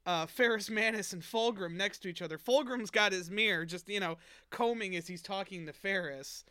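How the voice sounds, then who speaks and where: A man's voice: sits high, normal speed, sharp tone, clear, resonant tone, no room sound, clean studio sound. A man in casual chat, animatedly telling a comic story and laughing often.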